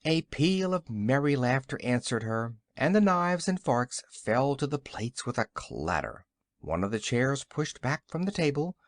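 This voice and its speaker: Expressive man narrating an audiobook. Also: mid-range voice, no room sound. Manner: expressive storytelling. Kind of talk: scripted narration.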